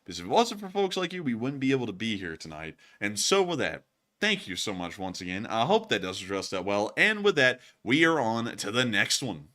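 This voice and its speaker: A man's voice: fairly low pitch, big pitch swings, a little fast, bright, forceful tone. A man who is feeling under the weather, hosting a live stream and answering chat questions with set sign-offs. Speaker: host.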